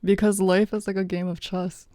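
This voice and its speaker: A woman's voice: medium pitch, flat delivery, normal speed, warm tone, dry recording, clean studio sound. A woman talking casually in a reflective vlog, rambling with many fillers and often breaking into laughter. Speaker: vlogger.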